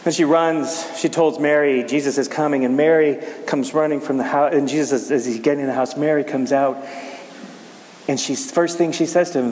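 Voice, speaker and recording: A man preaching a casual sermon, talking in a conversational, halting way with frequent restarts. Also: fairly high pitch, fairly even intonation, a little mellow. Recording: echoey hall with faint hiss.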